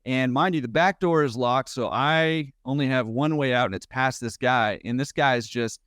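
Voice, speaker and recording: A man on a podcast, appearing as a guest, tells a wild story casually, talking fast and animatedly while laughing at his own tale. His voice is mid-range and the recording is dry.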